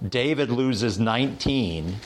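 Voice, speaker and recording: A Bible teacher with a mid-range voice leads a conversational study, retelling a story at a slow pace. His animated telling is full of hesitant fillers and restarts, with slight noise in the background.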